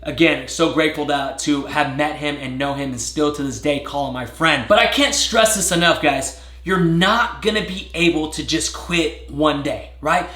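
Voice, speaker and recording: Man, high bright voice, animated storytelling to camera, roomy echo. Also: moderate pace, few pauses. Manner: animated, addresses viewers as guys, bursts of excitement. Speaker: fitness and keto vlogger.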